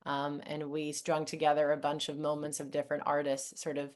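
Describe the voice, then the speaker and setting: A woman hosting a conversational interview, responding with enthusiasm and posing open questions. Her voice sits low for a woman. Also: completely flat delivery, fairly quick, a little mellow. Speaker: interview host.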